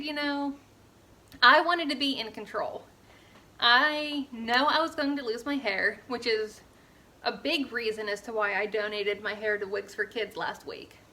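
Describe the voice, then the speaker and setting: A woman's voice: fairly high pitch, bright, forceful tone. A young woman from Pittsburgh, talking earnestly in a casual personal vlog and filling her speech with "like" and "you know". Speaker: fitness vlogger.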